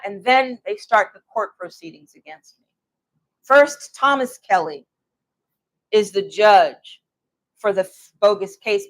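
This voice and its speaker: A woman recounting her own hard experiences in a personal, emotional way, with halting restarts. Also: medium pitch, fairly bright tone. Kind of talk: personal account to camera.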